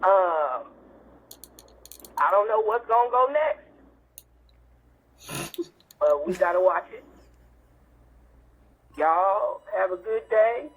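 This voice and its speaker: A woman's voice: mid-range voice, expressive, slow, pauses often. A woman teacher leaves a call-in message for a podcast. She is chatty, blunt and exasperated, and her voice swings up and down a lot. The call comes through a tinny phone line with faint hiss. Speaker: caller, teacher.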